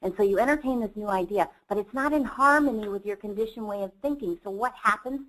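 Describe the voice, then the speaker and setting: A woman's voice: medium pitch, quick pace, fairly bright tone, low-quality recording. A middle-aged woman, a company CEO, giving a motivational seminar talk and telling an earnest personal story.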